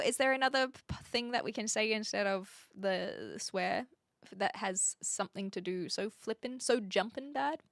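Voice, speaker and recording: A young woman with a New Zealand accent, chatting with her stream and reading out comments, giggly and trailing off into quiet asides. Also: mid-range voice, expressive, moderate pace, vocal fry, no echo, studio quality. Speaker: livestreamer.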